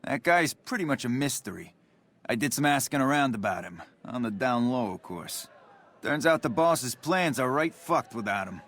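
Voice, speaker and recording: An actor playing a scheming mob underling who talks bluntly and conspiratorially. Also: male voice, mid-range voice, lively intonation, moderate pace, fairly bright tone.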